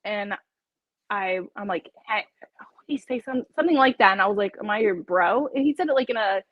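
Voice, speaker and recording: A woman's voice: medium pitch, expressive, a little fast, dry recording, dull audio. A woman talking casually as an interview guest, chatty and laughing often as she acts out her own dialogue.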